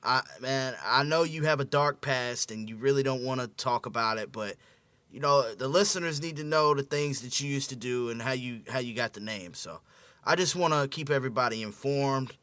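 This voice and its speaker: A man with a bright, mid-pitched voice hosts a casual comedy podcast. He teases his guest in a loose, laid-back way and laughs often. The sound is dry and close. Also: normal speed, clean tone, no room sound. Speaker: podcast host.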